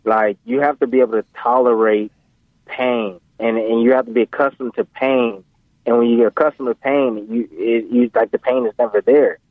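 A man guest telling animated, rambling stories in a casual interview, calling in by phone. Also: mid-range voice, normal speed, no room sound. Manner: animated, rambling, full of fillers. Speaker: guest, professional boxer. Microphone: phone call. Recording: tinny phone line.

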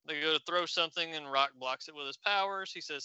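A man's voice: fairly high pitch, fairly quick, hardly any pauses, bright, forceful tone, smooth, dry recording, highs cut off. A man co-hosting a podcast, casually reading a comic aloud with many fillers. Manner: narrates with fillers like "and, uh". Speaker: podcast co-host.

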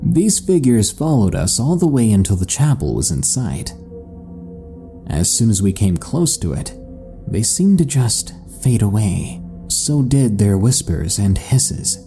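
Low, dark-voiced man narrating horror. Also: sing-song. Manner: low, measured, suspenseful storytelling. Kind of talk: scripted first-person story narration. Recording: faint music bed under voice.

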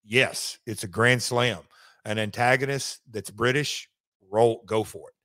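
A man's voice: on the low side, measured pace, bright, forceful tone, dry recording. A man being interviewed, telling a long story in a casual, rambling way with many restarts and asides. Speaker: wrestling executive guest.

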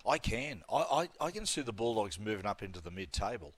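A man's voice: lowish voice, brisk, breathy edge. A man with an Australian accent, co-hosting a sports radio show and telling stories in blokey banter. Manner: animated storyteller, blokey banter. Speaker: radio co-host.

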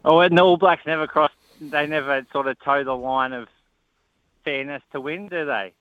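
Blunt caller on a dull line. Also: male voice, fairly high pitch, moderate pace, no room sound. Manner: blunt, needling, talks over the host. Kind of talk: heated talkback argument. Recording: dull dry phone-in line.

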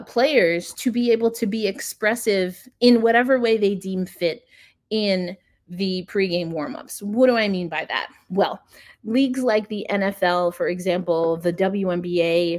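A woman hosting a sports podcast from a friend's house, talking casually and sarcastically, with frequent restarts. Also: medium pitch. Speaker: podcast host.

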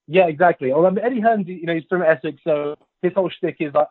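On a tinny, phone-like line with no room sound, an Englishman with a West London received pronunciation accent chats as a podcast guest, rambling playfully and poking fun at himself. His voice is fairly high, quick and husky.

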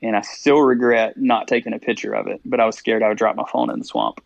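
A man's voice: lowish voice, steady tone, quick pace, gravelly. A man telling a story as a podcast guest. He laughs often and acts out his own thoughts as he speaks. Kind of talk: storytelling interview.

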